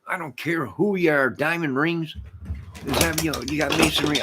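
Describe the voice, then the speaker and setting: A man hosting his own channel, delivering a rambling rant to camera, emphatic and repetitive, swinging between loud declarations and muttered asides. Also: fairly high pitch, normal speed, heavy background noise. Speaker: channel host.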